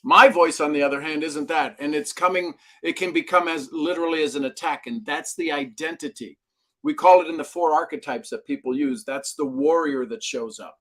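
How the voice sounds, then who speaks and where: Animated middle-aged male storyteller. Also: on the high side, fairly quick. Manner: animated storyteller who acts out quoted dialogue. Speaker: guest expert. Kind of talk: interview conversation.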